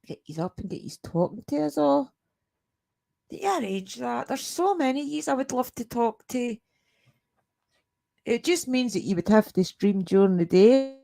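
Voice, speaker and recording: A woman's voice: on the high side, lively intonation, moderate pace, creaky, warm tone. A Scottish woman hosting a paranormal live stream from home at night, chatting casually with her viewers, laughing often and greeting them by name.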